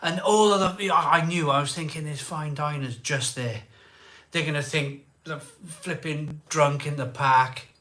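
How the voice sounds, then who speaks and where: Bright-voiced chatty man, live stream. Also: a little high, measured pace. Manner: rambling, chatty, repeats himself and acts out quotes. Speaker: host of a live beer-drinking stream. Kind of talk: casual storytelling on a live stream.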